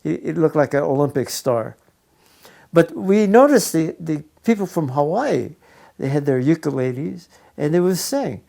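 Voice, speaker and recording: A man's voice: on the high side, lively intonation, moderate pace, creaky, warm tone. A man in his eighties fondly recounting childhood memories in an interview, rambling a little.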